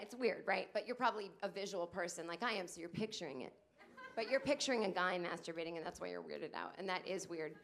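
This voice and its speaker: A woman in her late thirties doing a stand-up comedy set on a club stage, acting out other people's lines in shrill put-on voices. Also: noisy background. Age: 30s.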